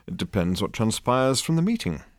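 A man's voice: fairly low pitch, very animated, moderate pace, dry recording, clean studio sound. A man voicing a polished, formal male official with an unruffled manner. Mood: smooth. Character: Zani Whoop, smooth formal male official.

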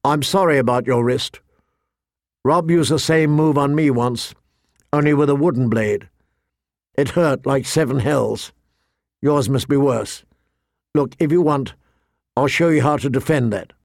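A man's voice: medium pitch, measured pace, vocal fry, long pauses, no echo, studio quality. A man reading an audiobook, voicing an earnest, emotional young man in eager outbursts. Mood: kind.

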